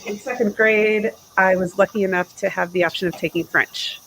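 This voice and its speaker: Woman, forties, podcast guest; lively storyteller who acts out what people said, with faint hiss behind her. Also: medium pitch, normal speed, rough recording. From Chicago area, USA. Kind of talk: casual interview chat.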